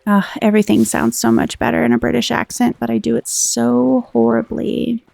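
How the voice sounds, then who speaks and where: Woman, American accent, relaxed rambling game commentary, very fry-heavy, dry close sound. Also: on the high side, moderate pace, no echo. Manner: chatty, rambling, reads game text aloud. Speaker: gameplay commentator.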